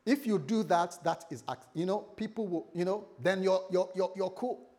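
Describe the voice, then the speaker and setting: A man preaching a sermon to a congregation, animated and telling stories with acted-out dialogue. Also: high voice, normal speed. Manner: animated, acts out characters in dialogue.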